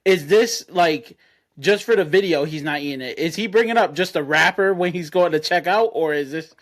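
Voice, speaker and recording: High-voiced, questioning male panelist. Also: moderate pace. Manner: puzzled, questioning, blunt. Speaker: podcast panelist. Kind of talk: casual panel chat.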